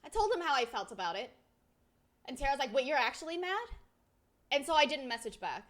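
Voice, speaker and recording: A young woman streamer chatting casually and telling a rambling, excitable story, her voice swinging between loud and soft. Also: sits high, fast. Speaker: VTuber streamer.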